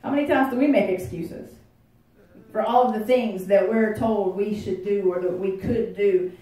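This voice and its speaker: A woman's voice: medium pitch, moderate pace, dark tone. A woman pastor preaching a sermon in a church, folksy and conversational, joking with the congregation. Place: church sanctuary. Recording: echoey room, voice heard from a distance.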